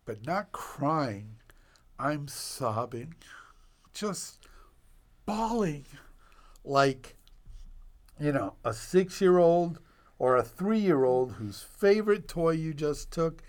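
A man in his sixties, a physician guest on a podcast, telling stories with animated delivery and sound effects. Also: on the high side, very slow, long pauses. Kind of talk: podcast storytelling.

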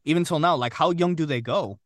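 A man's voice: on the high side, brisk, dry recording, clean studio sound. Easygoing man hosting a podcast. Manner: relaxed, conversational questioning. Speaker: podcast host. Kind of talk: casual podcast interview.

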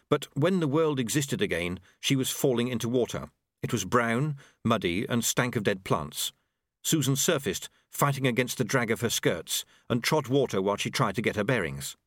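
Lively male audiobook narrator, dry sound. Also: no echo. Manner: shifts pitch for dialogue. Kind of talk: novel narration with character voices.

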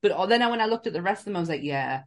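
A woman with a Northern English accent co-hosting a podcast, animated, laughing often and swearing casually. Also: medium pitch, racing. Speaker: podcast co-host. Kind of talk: casual chat.

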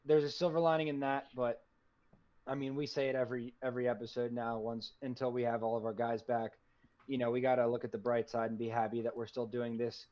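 A man's voice: mid-range voice, flat delivery, brisk. A man co-hosting a podcast in casual sports chat, rambling with many fillers like "you know". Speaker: podcast co-host. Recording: dull lo-fi recording.

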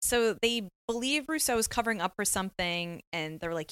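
A woman's voice: mid-range voice, brisk, smooth, dry recording. Laughing woman retelling scenes, dry sound. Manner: laughing often, animated retelling. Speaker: podcast co-host. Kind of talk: casual recap chat.

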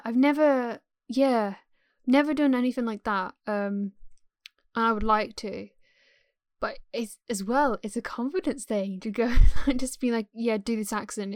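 Young English woman guest, slightly high voice, hesitant and filler-heavy, dry close mic. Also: darkish tone, dry recording. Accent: English, softened West Midlands. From England. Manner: hesitant, many likes and trailing sentences. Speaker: guest, aspiring performer. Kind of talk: casual chat.

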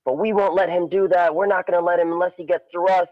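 A man's voice: high-pitched, flat delivery, fast, voice pushed up, close to an everyday voice. Students in a dojo, young, worked up, lo-fi, a guy doing them in a story. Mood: indignant. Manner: protesting, eager. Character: excited young male martial arts students. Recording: dull lo-fi audio.

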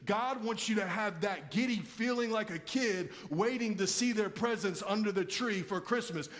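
A man's voice: high voice, a bit bright. A male pastor giving a sermon with emphatic preaching and rhetorical questions to the congregation.

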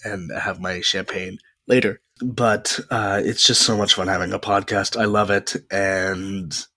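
Rambling young man with a low voice. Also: flat delivery, pushed and bright, no echo, studio quality. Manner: chatty and rambling, with frequent pauses. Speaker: podcast host. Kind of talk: casual solo podcast monologue. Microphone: close podcast mic.

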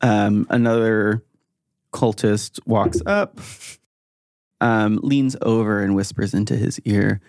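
A game master describing a tabletop scene in a loose, rambling way, with plenty of ums and likes. The voice sits at a middling pitch and is recorded close and dry. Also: slow pace, no echo. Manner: relaxed, rambling description with fillers.

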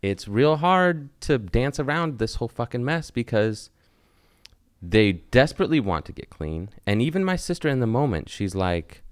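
A man's voice: mid-range voice, very animated, moderate pace, clean tone, dry recording, clean studio sound. A man talking candidly in a casual conversation, swearing freely and rambling in bursts.

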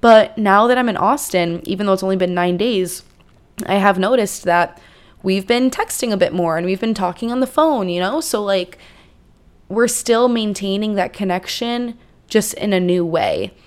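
A woman's voice: mid-range voice, normal speed, clean tone. A young woman talks through advice on her own podcast in a loose, chatty way. She fills the gaps with easy asides and casual fillers, as if talking to a friend. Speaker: podcast host.

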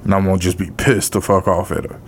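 A middle-aged man co-hosting a podcast, telling a personal story in a halting way, with frequent pauses, fillers and blunt casual profanity. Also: deep voice, flat delivery, a little hiss or hum. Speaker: podcast co-host.

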